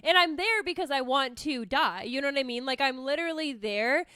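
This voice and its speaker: A woman's voice: sits high, expressive, a little fast, sharp tone, no echo, studio quality. A woman therapist hosting a casual solo podcast, talking candidly with lots of swearing and self-mockery. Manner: candid, chatty, swears freely, self-mocking.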